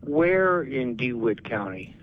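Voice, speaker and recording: A man calling in to a radio show over the telephone, speaking slowly and hesitantly. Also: medium pitch, big pitch swings. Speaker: caller. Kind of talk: call-in question. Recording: tinny phone line with faint hiss.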